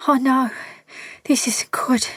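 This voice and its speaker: A woman's voice: fairly high pitch, moderate pace, husky, no room sound, voice pushed up. A woman voicing an exhausted young woman in labour, panting and strained, in a storybook reading. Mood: distressed.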